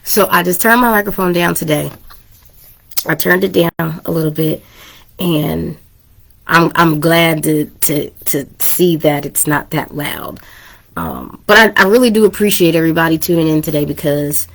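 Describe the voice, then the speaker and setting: Speaking at a normal pace, this podcast host has a low, fairly bright voice with vocal fry. She's a little sick with a cough but laughs a lot through her casual, candid chat, and her mic is set low.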